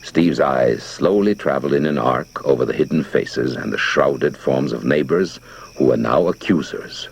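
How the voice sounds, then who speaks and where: A man giving dramatic, expressive audiobook narration. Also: a bass voice, normal speed, gravelly, breathy edge. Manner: theatrical, expressive.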